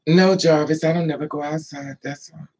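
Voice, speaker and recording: A woman's voice: low voice, steady tone, moderate pace, darkish tone, breathy edge, low-quality recording. A woman telling stories in a loose, chatty way, stopping to answer viewers by name. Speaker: livestream host. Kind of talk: casual storytelling chat.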